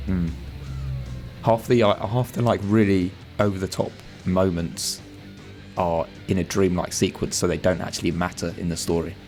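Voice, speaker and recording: A man's voice: low-pitched, level tone, moderate pace, darkish tone, faint music behind. A man co-hosting a podcast with a congested, stuffy nose, giving rambling opinions in casual chat. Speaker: podcast co-host.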